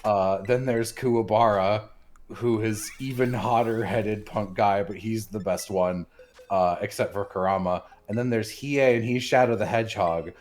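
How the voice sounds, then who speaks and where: A man streaming, chatting casually and telling stories in a rambling, animated way with lots of swearing and filler words. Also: lowish voice, normal speed. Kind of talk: casual chat, animated storytelling.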